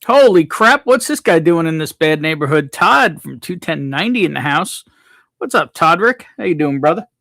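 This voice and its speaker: A man's voice: a little high, expressive, moderate pace, creaky, fairly bright tone, dry recording. Laid-back man greeting livestream chat. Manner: reads chat names aloud, laid-back. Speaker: livestream host.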